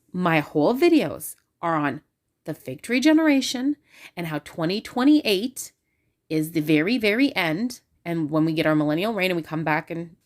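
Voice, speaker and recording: Woman with a slightly low voice, chatty and excitable, recorded on a phone. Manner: excitable and talkative, many fillers. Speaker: religious video creator. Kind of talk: casual talk to camera.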